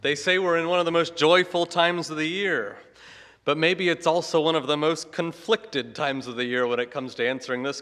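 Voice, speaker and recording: A man delivers a sermon at an unhurried pace, his voice bright and a little high for a man. He leans on rhetorical questions and a chuckling storyteller's manner. The sound carries a long reverb tail, as if in a church sanctuary. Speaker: pastor.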